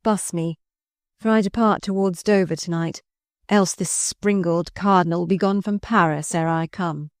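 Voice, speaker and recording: A woman reading the part of a rough, boastful young man who drinks and brags of cutting throats, in archaic speech. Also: on the low side, fairly even intonation, normal speed, dry recording, studio quality, close to an everyday voice. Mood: coaxing. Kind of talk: audiobook character reading.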